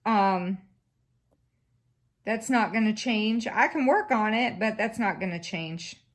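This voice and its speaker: Rambling, chatty woman, slow. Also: mid-range voice. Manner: rambling and chatty, cusses freely. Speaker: craft vlogger. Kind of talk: casual chat while crafting. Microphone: camera on a stand.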